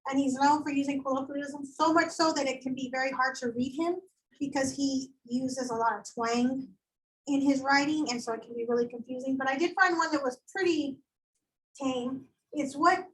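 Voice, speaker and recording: A woman teaching a high school English lecture, chatty and animated, acting out quoted voices as she explains. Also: rough recording. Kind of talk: classroom lecture.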